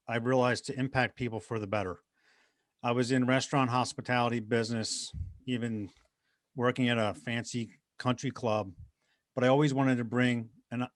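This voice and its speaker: In a studio-quality recording with no room sound, a middle-aged man with a mid-range, fairly bright voice speaks as a guest motivational speaker. Earnest and anecdotal, he shares personal stories conversationally, calling the host by name.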